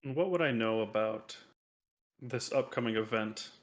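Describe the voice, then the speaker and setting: A man's voice: fairly low pitch, moderate pace. A man taking part as a player in a tabletop role-play, speaking in a friendly way.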